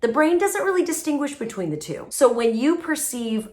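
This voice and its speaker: A woman speaking coach giving lively, emphatic advice straight to camera, with playful asides. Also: on the high side, normal speed, hardly any pauses. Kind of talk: casual advice video to camera.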